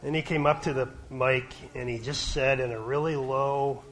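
A middle-aged man from Canada preaching a sermon, his voice sometimes dropping to a hush. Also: medium pitch, steady tone, a little slow, a little hiss or hum, low-quality recording. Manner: varies loudness, dropping to a hush at quiet points.

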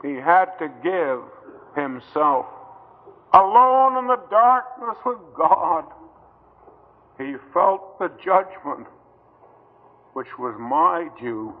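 A man preaching an old-time gospel sermon to a gathering in a hall, slow and earnest, pleading with his listeners through long pauses. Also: on the high side, big pitch swings. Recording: tinny old hall recording.

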